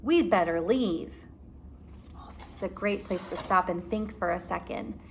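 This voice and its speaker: Woman teacher reading aloud to kids, slow and expressive, explains as she goes. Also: on the low side, gravelly, a little hiss or hum.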